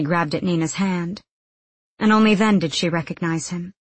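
A woman narrating an audiobook in a steady, measured storytelling voice. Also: lowish voice, no echo. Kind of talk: scripted narration.

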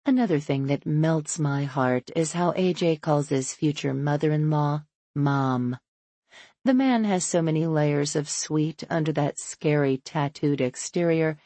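A woman's voice: a little slow, mellow, dry recording. A woman reading a first-person novel aloud, shifting her voice for each character. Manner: shifts pitch and pace to voice characters. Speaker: audiobook narrator.

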